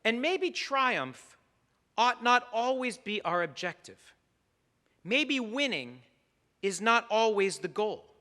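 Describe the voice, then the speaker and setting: High, bright-voiced rabbi preaching in a sanctuary. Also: male voice, sing-song. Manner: measured, emphatic preaching with long pauses. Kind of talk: holiday sermon. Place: synagogue sanctuary. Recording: long reverb of a large sanctuary.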